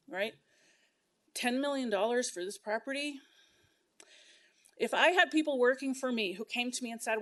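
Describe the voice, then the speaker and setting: A middle-aged woman stands at a council meeting and gives an angry public comment about her business and her taxes. She speaks in heated bursts, and her voice sits a little high. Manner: impassioned, indignant, speaking in bursts. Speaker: local business owner giving public comment.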